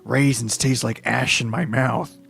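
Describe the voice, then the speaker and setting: A man voicing a weary, brooding male detective who speaks flatly in a storybook reading. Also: mid-range voice, measured pace, vocal fry, faint music behind. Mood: gloomy. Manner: flat, downbeat.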